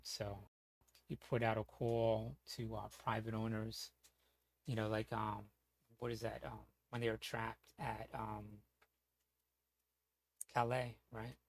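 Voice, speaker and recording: A man's voice: mid-range voice, gravelly, darkish tone, no room sound. A man talking casually as a streamer, rambling with lots of fillers, restarts and casual swearing.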